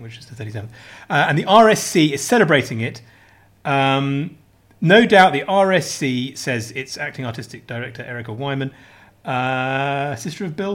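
A man's voice: mid-range voice, a bit bright. A middle-aged man with a posh southern English accent, telling rambling anecdotes in casual chat and mimicking other people's voices. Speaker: podcast co-host.

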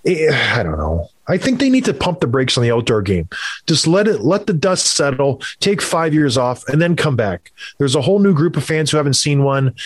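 A man with a fairly high voice chatting casually as a podcast host. He is opinionated and rambles, tossing in quick asides. The sound is dry and close. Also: no room sound. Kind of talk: casual sports chat.

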